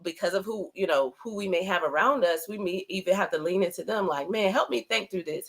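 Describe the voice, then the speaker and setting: A woman hosting a casual livestream talk. She speaks conversationally, often asks "right?" and says "like", and acts out inner thoughts in an animated way. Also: fairly low pitch. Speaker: host. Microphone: computer camera setup.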